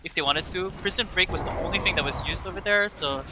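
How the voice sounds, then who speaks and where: A man's voice: high-pitched, quick pace, background noise. A man giving casual, rambling esports color commentary full of fillers and laughs.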